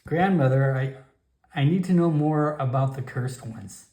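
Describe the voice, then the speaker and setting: A man's voice: medium pitch, measured pace, warm tone, close to an everyday voice. A man voicing an earnest young male Nightkin wanderer who stammers politely. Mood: hesitant. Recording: echoey room.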